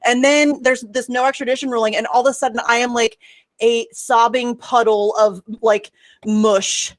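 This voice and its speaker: A woman with a fairly high voice chats on a video call, animated and quick to swear and laugh. Her sound is dry and close, with no room around it. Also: no room sound. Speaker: show co-host. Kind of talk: casual chat.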